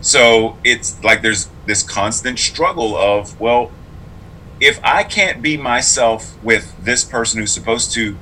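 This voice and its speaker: A man's voice: mid-range voice, slow pace, sharp tone, a little hiss or hum, low-quality recording. A man who is both clergy and a public school teacher, speaking in a casual interview in an earnest, reflective and emphatic way.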